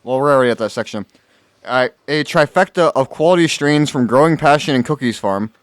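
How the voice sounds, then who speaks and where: A man's voice: medium pitch, animated, brisk, no echo. Laid-back guy on a podcast, dry close sound, mid voice. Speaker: podcast co-host. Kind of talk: casual chat, reading a strain description.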